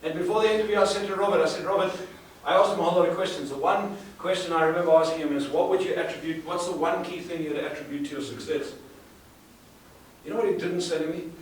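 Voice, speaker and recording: A sales trainer speaking emphatically to a live audience, asking rhetorical questions and repeating words for effect. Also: male voice, sits high, fairly even intonation, quick pace. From South Africa. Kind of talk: live seminar talk. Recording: echoey room, far from the mic, faint hiss.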